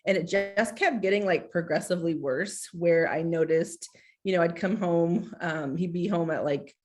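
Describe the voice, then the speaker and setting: A woman's voice: lowish voice, normal speed, darkish tone. A woman in her forties, a school social worker, talking candidly and from the heart on a video call, with many filler likes. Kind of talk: casual video-call presentation.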